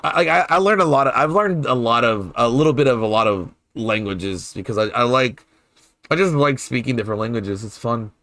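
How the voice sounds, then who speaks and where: A male streamer chats casually with his viewers mid-game, trailing off and repeating himself as he works through how to say things. His tone is curious and playful, at a middling pitch. The sound is close and dry, with no room around it. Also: brisk, fairly bright tone, dry recording. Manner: hesitant, repeats words while puzzling over pronunciation. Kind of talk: casual chat with viewers while gaming.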